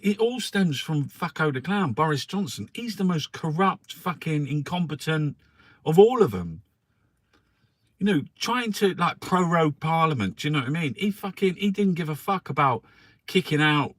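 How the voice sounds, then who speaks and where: A man's voice: on the high side, a bit bright. A man who reviews the newspapers in an angry, profane political rant. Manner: angry, profane, swears constantly.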